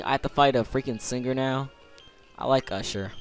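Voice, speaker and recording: A man's voice: mid-range voice, fairly quick, faint music behind. A young man commenting on a video game playthrough in a sarcastic, rambling, casual way. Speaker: let's play commentator.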